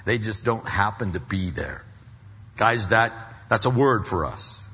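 A man's voice: on the low side, animated, measured pace, pushed and bright, husky, in a large hall, highs cut off. A man preaching a sermon in a folksy, conversational way, full of fillers and restarts. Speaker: pastor.

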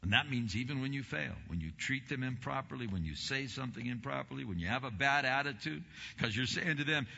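A man preaching a sermon as pastor, impassioned, swinging between quiet, low passages and loud, rising ones. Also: animated, a little fast, vocal fry. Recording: dull recording in a reverberant hall.

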